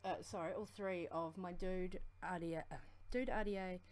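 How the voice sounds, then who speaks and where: A woman with a strong New Zealand accent co-hosting a livestream, talking fast in a rambling, friendly way. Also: lowish voice, steady tone, a little hiss or hum. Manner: fast, rambling, affectionate shout-outs. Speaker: co-host of a vaping livestream. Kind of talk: casual livestream chat.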